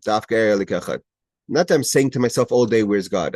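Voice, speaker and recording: A man's voice: on the low side, very animated, quick pace, darkish tone, dry recording. A man teaching a Torah class over a video call. He explains Hebrew quotes in English, often restarts his sentences, and gets emphatic at key points. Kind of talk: explaining a Hebrew text line by line.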